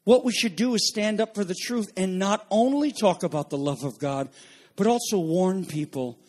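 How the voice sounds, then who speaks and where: High-voiced preacher giving an urgent sermon. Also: male voice, normal speed. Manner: emphatic, swinging between loud urgent warnings and low quiet passages; repeats phrases for emphasis and asks the audience questions.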